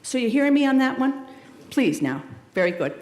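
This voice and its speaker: A middle-aged woman giving a commencement speech. She talks to the graduates in a warm, emphatic way, calls them "loves" and "darlings", and throws in playful, dramatic asides. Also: sits high, very animated, fairly quick, noisy background. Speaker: commencement speaker. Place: large hall at a school ceremony. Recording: echoey hall, long reverb.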